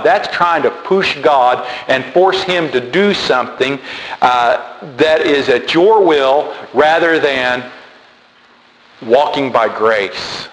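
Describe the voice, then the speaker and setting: A man preaching a sermon, animated and emphatic, repeating key words. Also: fairly high pitch. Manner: animated, repetitive emphatic delivery. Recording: echoey hall with faint noise.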